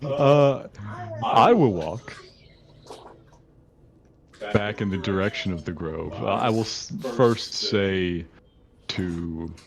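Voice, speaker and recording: A man's voice: low-pitched, slow, vocal fry, crowd noise. A man playing his character in a tabletop game, with curious, bookish in-character remarks. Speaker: player.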